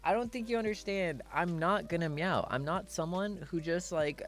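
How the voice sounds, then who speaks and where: A man's voice: high voice, moderate pace, faint music behind. A man chatting casually on a livestream, playful and rambling, full of teasing asides. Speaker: streamer.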